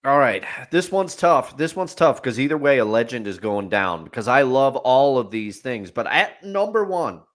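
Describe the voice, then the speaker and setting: A man co-hosting a sports podcast in easy, playful banter. His pitch sits in a middle range but swings up and down a lot as he talks. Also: sing-song, moderate pace, few pauses. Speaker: podcast co-host. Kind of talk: casual sports chat.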